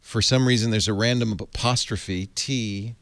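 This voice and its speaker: A man hosting a casual tech podcast, talking in an animated way and laughing easily. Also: fairly low pitch, moderate pace, dry recording. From Providence area, US. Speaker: podcast host.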